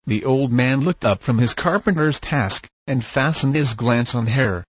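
A man narrating an audiobook in a steady, measured reading voice. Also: medium pitch, husky, no room sound.

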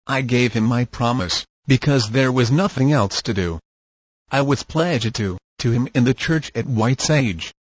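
Brief: male reader doing a timid frontier girl in a storybook, soft, faltering, husky, dry close sound. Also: medium pitch, a little slow, no echo. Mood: resigned. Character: shy frightened young frontier girl.

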